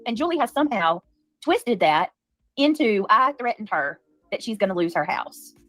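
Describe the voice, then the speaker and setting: A woman hosting a heated livestream, talking fast and defensively with many restarts. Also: medium pitch, sing-song, fairly bright tone, soft background music. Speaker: livestream commentary host. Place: home.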